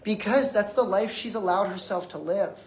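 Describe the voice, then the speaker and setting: A man in his twenties, a detox practitioner, delivers an emphatic, conversational motivational lecture straight to the audience before him. His voice is high and his speed normal, and the room is echoey.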